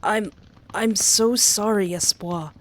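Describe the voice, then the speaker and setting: A woman voicing a gentle young man who is nervous and guilty, stammering and apologizing in a narrated story. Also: medium pitch, takes it slowly, close to an everyday voice.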